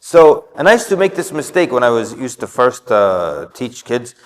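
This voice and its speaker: In a mosque hall with long reverb, a community speaker gives an informal religious talk on parenting. His mid-range voice is very animated at a moderate pace as he tells stories and acts out what people said.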